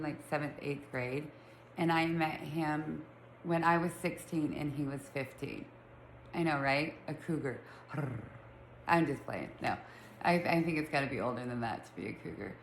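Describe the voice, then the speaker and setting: A woman's voice: on the low side, reverberant, slight background noise, low-quality recording. A middle-aged woman with a Utah accent and a lisp, chatting casually and rambling to her viewers from home. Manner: chatty, rambling, self-teasing. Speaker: vlogger. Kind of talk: casual chat to camera. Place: room at home with pets.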